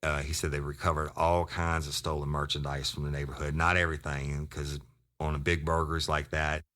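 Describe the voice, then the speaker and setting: Very deep-voiced man telling a rambling story. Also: flat delivery, brisk, sharp tone. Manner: rambling, profane, with many restarts. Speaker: podcast host and retired detective. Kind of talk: casual storytelling.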